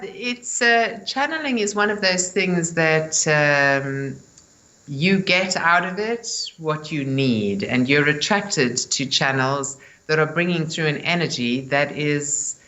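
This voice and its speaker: A woman with a light English-speaking South African accent, speaking in a measured, earnest way as a spiritual teacher being interviewed. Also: sits low, pushed and bright, poor audio. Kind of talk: interview guest, spiritual talk.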